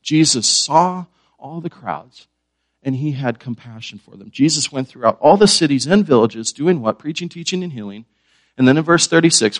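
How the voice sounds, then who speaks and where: A man's voice: medium pitch, dry recording. Dry-sounding man preaching. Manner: asks the congregation questions, repeats key words. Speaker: pastor. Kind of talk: sermon.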